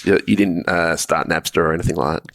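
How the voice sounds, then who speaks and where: A man hosting a casual podcast interview, asking the guest relaxed quick-fire questions. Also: low-pitched. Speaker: podcast host.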